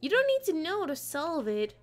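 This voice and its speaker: A woman's voice: sits high, huge pitch swings, normal speed. A woman streaming a game, chatting playfully with her viewers and giggling often. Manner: playful, giggly, answering chat. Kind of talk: casual live-stream chat while gaming.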